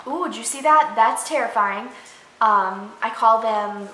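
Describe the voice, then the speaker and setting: A woman's voice: fairly high pitch, slow pace, bright, forceful tone. A young woman vlogging casually about her pet rabbit, chatty and gushing. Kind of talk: casual pet tag vlog. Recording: echoey room, faint noise.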